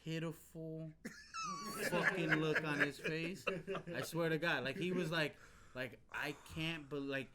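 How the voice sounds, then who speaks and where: A man hosting a podcast, telling his story in a relaxed, casual way, full of fillers and casual swearing. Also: a little high, measured pace, a crowd in the background. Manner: laid-back, heavy on fillers like "you know what I mean", swears casually. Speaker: podcast host. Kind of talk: casual storytelling in a men's talk circle.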